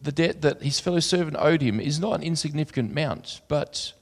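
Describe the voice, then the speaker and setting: A preacher with a fairly high, creaky voice speaks fairly quickly, earnest when reading scripture and chatty in his asides, which are sprinkled with fillers. The recording has a long hall reverb.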